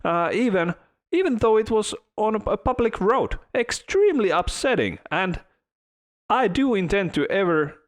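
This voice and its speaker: A man's voice: high voice, expressive, moderate pace, pitched above the performer's own voice. A man putting on a British accent to voice a fussy upper-class hotel guest, pompous and indignant as he complains. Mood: outraged. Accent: put-on British.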